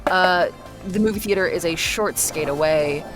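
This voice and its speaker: A woman's voice: fairly low pitch, moderate pace, over music. A woman running a tabletop role-playing game as game master, narrating in a rambling way with lots of fillers and restarts. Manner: rambling with many fillers and restarts, searching for words.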